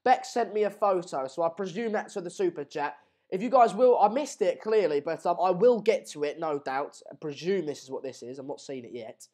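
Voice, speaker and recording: A man's voice: sits high, fairly quick, a little mellow. A young man hosting a live football match stream, chatting casually and energetically in a rambling, self-mocking way.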